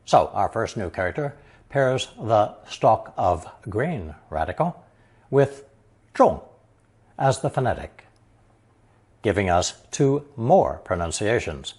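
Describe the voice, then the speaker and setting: A man narrating a scripted language lesson, explaining slowly and carefully and reading example sentences aloud. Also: on the low side, big pitch swings, a little mellow, slightly rough. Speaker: language teacher.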